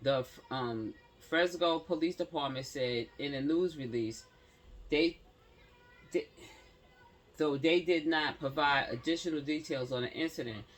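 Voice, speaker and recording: A man's voice: fairly high pitch, unhurried, soft background music. A man reading a news story aloud, stumbling over words and breaking off for slangy asides to his viewers. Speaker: commentary channel host.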